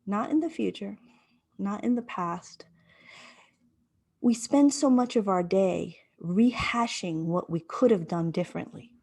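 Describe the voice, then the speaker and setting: A woman's voice: mid-range voice, measured pace, gravelly, darkish tone. Woman giving a reflective public talk. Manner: speaks in repeated rhythmic phrases; checks in with listeners, asking "right?". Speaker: invited speaker. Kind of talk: public talk with personal storytelling.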